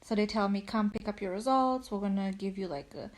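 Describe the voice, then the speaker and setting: A woman's voice: mid-range voice, a little fast. Breathless woman chatting casually. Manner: chatty, rambling, many "like"s. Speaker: vlogger. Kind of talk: casual chat. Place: at home on a couch.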